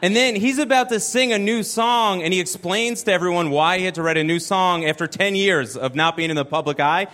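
A man's voice: high-pitched, fairly quick, hardly any pauses, a bit bright, some chatter behind. A young adult man doing a stand-up comedy set at a live venue, telling a chatty, self-deprecating story.

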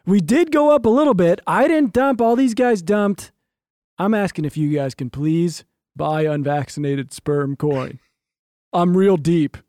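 High-voiced joking podcast co-host. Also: male voice, unhurried, no echo, studio quality. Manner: joking, deadpan bits. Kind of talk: casual comedic chat.

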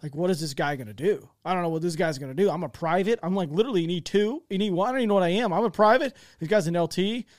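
A young man with a high voice talks quickly, rambling through a story and breaking off his own sentences. He is on a dry, close mic. He acts out the voices of the people in the story, and his pitch stays high. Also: a little mellow, no echo. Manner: rambling, self-interrupting, acts out quoted voices. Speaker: podcast co-host telling a military story. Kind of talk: casual storytelling chat.

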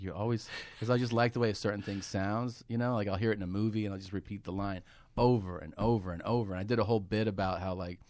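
A man's voice: lowish voice, a little mellow, no room sound. A man, a comedian, telling stories in a casual podcast studio chat, swearing freely and laughing as he goes. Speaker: comedian guest. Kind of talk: casual storytelling conversation.

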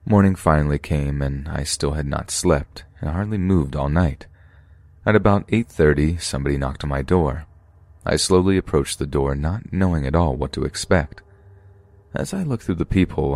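A man narrating true scary stories for a podcast in a steady, measured way. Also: a bass voice, dry recording.

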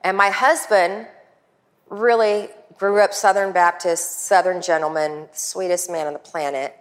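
A woman coach telling a lively personal story, acting out the people she quotes. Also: on the low side, measured pace. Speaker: guest coach. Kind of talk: storytelling talk.

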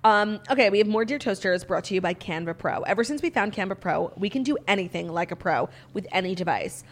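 Brief: young female podcast co-host, rapid casual chatter, filler-heavy. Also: medium pitch, lively intonation. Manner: chatty, quick, lots of "like" fillers. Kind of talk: casual chat.

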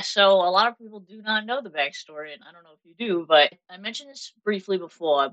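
Low-voiced woman with Massachusetts accent. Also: low-quality recording. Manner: animated storytelling, laughs often. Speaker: guest makeup artist. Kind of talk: casual interview chat.

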